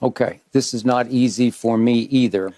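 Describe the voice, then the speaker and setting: A man hosting a sports debate show, giving an earnest, measured on-air tribute with emphatic repetition in a TV studio. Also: mid-range voice, fairly even intonation, mellow.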